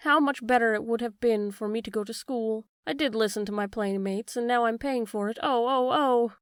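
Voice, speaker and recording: A woman's voice: on the high side, moderate pace, clean tone, dry recording, clean studio sound, natural voice. A woman voicing a frightened wooden puppet boy who wails and pleads. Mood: wailing. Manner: wailing, pleading.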